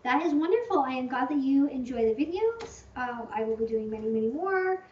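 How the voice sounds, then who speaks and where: A channel host answers viewer questions in a casual livestream Q&A, chatting and rambling with heavy use of "like" and plenty of hyperbole. Her high voice is expressive, fairly quick and a little mellow. The room is echoey and the mic sounds distant and muffled.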